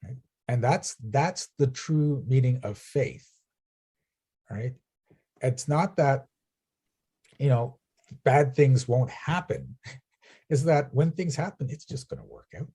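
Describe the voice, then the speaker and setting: A man's voice: medium pitch, slow pace, long pauses, mellow, breathy edge. A man coaching a client, telling stories and often checking in with "right?". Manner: storytelling, asks "right?" often. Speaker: business coach. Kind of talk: coaching session.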